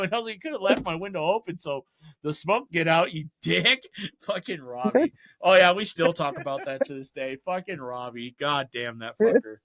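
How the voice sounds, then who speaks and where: Male podcast host, high bright voice, casual profane storyteller. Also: animated, normal speed. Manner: profane storytelling, acting out friends' lines; laughs often while telling stories. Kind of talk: casual chat.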